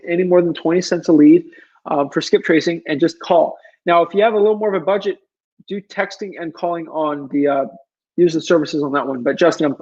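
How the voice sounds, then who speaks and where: A man's voice: fairly high pitch, darkish tone, dull audio. A man giving casual advice while answering viewer questions, earnest and pleading, rambling with lots of fillers. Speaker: real estate wholesaler answering viewer questions.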